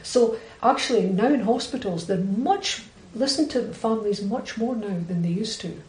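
A Scottish woman who is a Buddhist nun, telling a personal story in conversation with direct, animated delivery that acts out quoted dialogue. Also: on the high side, moderate pace, reverberant, rough recording.

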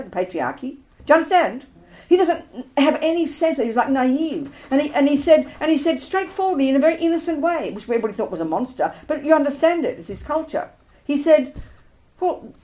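A woman's voice: on the high side, darkish tone, low-quality recording. A woman giving a frank, emphatic Buddhist teaching talk, repeating her points and laughing often. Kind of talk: dharma talk to students.

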